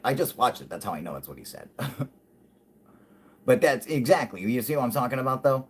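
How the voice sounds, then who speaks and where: A man's voice: mid-range voice, animated, fairly quick, long pauses, slightly rough. A man hosting a livestream, ranting in a rambling, profane, heated way and often breaking into laughter. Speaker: livestream host. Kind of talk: casual ranting livestream talk.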